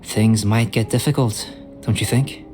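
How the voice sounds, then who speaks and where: A man voicing a calm composed alchemist. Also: fairly low pitch, lightly acted. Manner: measured, gently lecturing. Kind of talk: video game voice acting. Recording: game audio with clear music behind. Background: game music.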